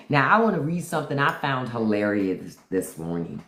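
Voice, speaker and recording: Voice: mid-range voice, sing-song, normal speed, hardly any pauses, a bit bright. Blunt, profane livestream host. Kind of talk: unscripted live-stream commentary. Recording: roomy echo.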